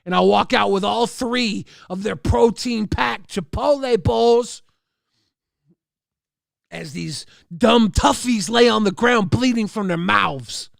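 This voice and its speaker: A man's voice: high-pitched, takes it slowly, gravelly, dry recording, studio quality. A man hosting a livestream, telling a boisterous, profane, exaggerated comic story to his chat. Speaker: livestream host.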